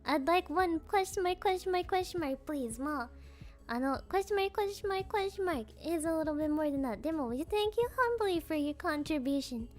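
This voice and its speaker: High-voiced playful woman streamer. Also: lively intonation, fairly quick. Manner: playful, giggly, trips over tongue twisters; mixes in Japanese fillers. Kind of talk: casual stream chat.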